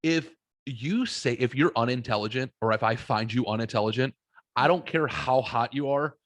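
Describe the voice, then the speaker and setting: A man's voice: medium pitch, normal speed, no room sound. A man hosting a casual podcast chat, blunt and joking, with lots of profanity and emphatic restarts. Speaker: podcast host.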